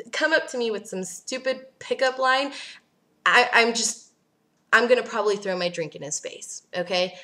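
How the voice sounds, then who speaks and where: A woman's voice: fairly high pitch, fairly bright tone. A young woman vlogging casually, ranting bluntly and sarcastically, swearing and laughing as she answers viewer questions.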